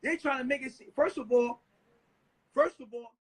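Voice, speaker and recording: Man, high husky voice, furious profane rant, shouts and accuses. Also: moderate pace. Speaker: livestreamer ranting at his wife. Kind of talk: heated livestream rant.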